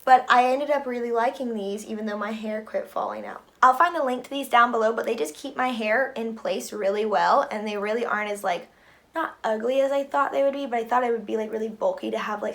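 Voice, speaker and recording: A young woman chatting casually through a hair tutorial, her voice a bit tired and hoarse, filling her talk with lots of "like". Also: a little high, a bit bright. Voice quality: chatty, many "like"s. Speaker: beauty vlogger.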